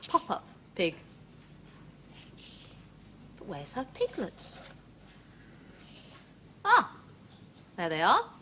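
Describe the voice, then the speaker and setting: A woman presenting a children's show, leading finger-counting rhymes and little songs for young children in a slow, playful, sing-song way. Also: low voice, fairly bright tone, a little hiss or hum.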